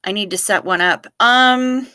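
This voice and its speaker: A woman's voice: medium pitch, a little slow, pushed and bright, clean tone, no echo, studio quality. A woman hosting a livestream, telling rambling stories with wry asides and answering her chat casually. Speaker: livestream host.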